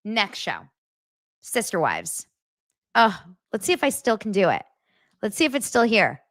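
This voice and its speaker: A woman's voice: medium pitch, huge pitch swings, unhurried, a bit bright, dry recording, studio quality. A young adult woman hosting a celebrity gossip show, talking in a gushing, dramatic way with exaggerated reactions. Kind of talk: casual gossip commentary.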